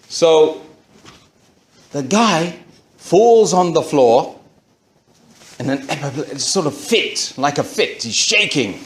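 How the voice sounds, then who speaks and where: A man telling the audience his own story in a lively storytelling talk, full of rhetorical questions. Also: fairly high pitch, slow pace, pauses often, roomy sound, a little hiss or hum. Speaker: speaker giving a conversion testimony.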